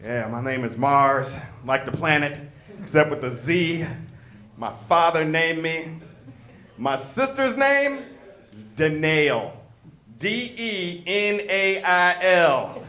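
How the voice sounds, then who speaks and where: A stand-up comedian from Chicago hosting a show and telling stories with punchy timing. His voice sits high and bright, and he speaks into a handheld stage mic. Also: slow pace. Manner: animated storyteller, punchy. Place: comedy stage before an audience.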